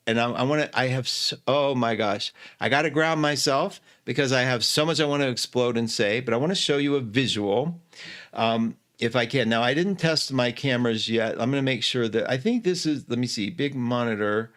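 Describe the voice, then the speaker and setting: A man's voice: medium pitch, a bit bright. A man hosting a casual astrology live stream, effusive, greeting viewers by name and laughing often.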